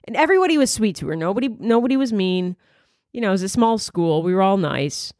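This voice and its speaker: A woman's voice: mid-range voice, animated, fast talker, darkish tone, dry recording, clean studio sound. A woman comedian hosting her podcast, rambling through a crude, self-mocking comedic monologue. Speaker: comedian host.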